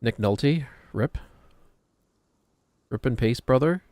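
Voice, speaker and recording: A man's voice: medium pitch, expressive, takes it slowly, darkish tone, no echo. A man, streaming a game and chattering casually, rambling and joking as he plays. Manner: rambling, jokey, drifts into put-on British voices.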